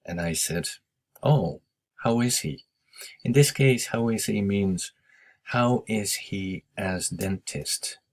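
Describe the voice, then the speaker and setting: A man teaching English, patiently going over class notes and giving Japanese translations. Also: lowish voice. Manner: slow, patient explaining with Japanese glosses. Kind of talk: recorded lesson review.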